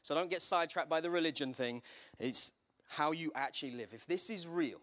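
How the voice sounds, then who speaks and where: A pastor delivers a sermon in a relaxed, conversational manner. His voice sits a little higher than most men's. He slips in wry, humorous asides as he goes. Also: fairly quick.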